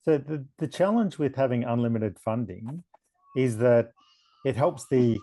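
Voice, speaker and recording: A man moderating a panel discussion, explaining research limits in a measured way. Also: mid-range voice, lively intonation, mellow, no echo. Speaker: moderator and CEO.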